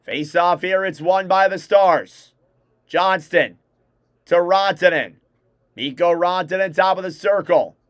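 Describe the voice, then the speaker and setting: A man's voice: high voice, a bit bright, no room sound, clean studio sound. A young man hosting a fan livestream, giving live hockey play-by-play and calling out player names as the action moves. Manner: rapid name-calling play-by-play, self-correcting.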